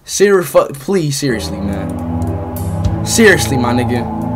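A young man streaming live, ranting angrily at his chat with lots of swearing and sudden outbursts of shouting. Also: mid-range voice, very animated, slow, over music. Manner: angry profane ranting, bursts into shouting.

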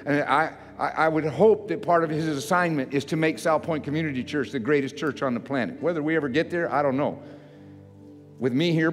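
Older man preaching in a reverberant church. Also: a little high. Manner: folksy, self-mocking preaching that swells to loud emphatic repetition. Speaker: pastor. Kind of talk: sermon. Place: church sanctuary. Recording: church hall reverb with faint music.

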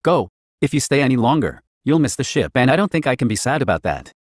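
A man's voice: mid-range voice, sing-song, fast talker, no room sound, studio quality. A man doing a loving, tearful aunt. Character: tearful loving aunt, middle-aged woman.

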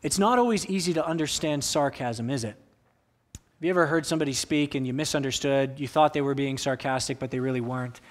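A man preaching a sermon as pastor, with expressive delivery that acts out quoted voices. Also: medium pitch, brisk. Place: church sanctuary.

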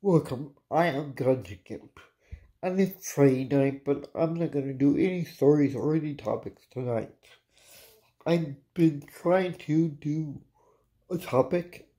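A vlogger in a frustrated state, venting casually to viewers with a halting delivery, restarting sentences and swearing under the breath. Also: medium pitch, dark tone. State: frustrated and irritated. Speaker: cannabis vlogger, host of own channel.

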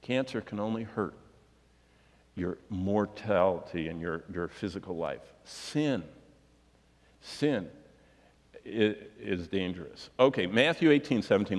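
A man's voice: lowish voice, long reverb tail. A man preaching a sermon, reading scripture and pressing his points with rhetorical questions. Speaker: pastor.

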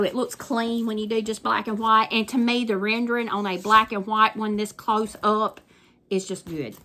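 A grandmother with a Southern US accent, chatting warmly and effusively to her viewers about crafts in a casual vlog. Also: medium pitch. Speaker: crafting vlogger.

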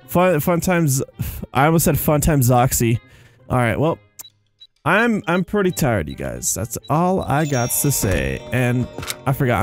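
A young man talks through a sandbox game in a loose, rambling way, tired yet quick to get excited. His voice sits fairly high and jumps around a lot. Faint music plays under him. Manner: excitable, rambling, says "dude" and "you guys". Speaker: gaming YouTuber. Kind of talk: casual gameplay commentary.

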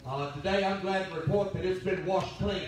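High-voiced pastor telling stories in church, far off mic, big echo. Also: male voice, brisk, crowd noise. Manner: folksy storytelling preacher. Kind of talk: sermon. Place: church sanctuary. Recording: very echoey church from a distance.

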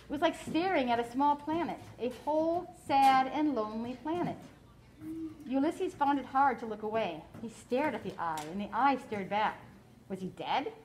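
A woman teacher reading a novel aloud to her class in a classroom, in a steady, clear storytelling way. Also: high voice, normal speed, slight background noise, poor audio.

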